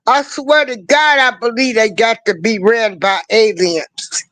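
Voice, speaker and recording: An older woman giving ranting commentary, hammering the same rhetorical questions and swinging between rising cries and low asides in slangy speech. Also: measured pace, hardly any pauses, fairly bright tone, no echo, poor audio. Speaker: online commentator.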